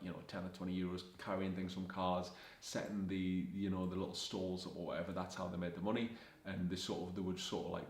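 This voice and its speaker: A young man, a fashion vlogger telling rambling casual anecdotes and quoting himself and others along the way. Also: low-pitched. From Scotland. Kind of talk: casual storytelling. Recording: echoey room.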